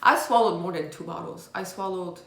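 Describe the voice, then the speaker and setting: A woman's voice: lowish voice, moderate pace, creaky, fairly bright tone. A woman telling her own hard life story in a candid, raw way, with blunt swearing, as a confessional vlog. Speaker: vlogger. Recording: roomy echo.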